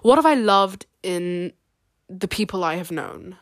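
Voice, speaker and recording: A woman's voice: lowish voice, animated, unhurried, dry recording. A young woman hosting a casual, rambling podcast, chatty and self-deprecating with frequent giggles. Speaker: podcast host.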